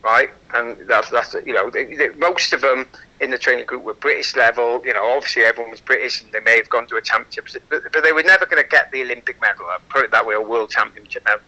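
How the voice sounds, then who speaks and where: A man's voice: medium pitch, quick pace, muffled recording. A Welsh man, a guest athlete, telling stories frankly and animatedly in a radio interview. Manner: animated, frank, repeats "you know".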